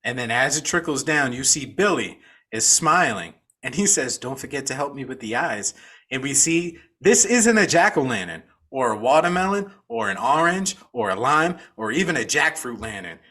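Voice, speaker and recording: A man's voice: mid-range voice, very animated, normal speed, bright, forceful tone. A man co-hosting a podcast, recapping a film in a casual, profane storytelling way. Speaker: podcast co-host.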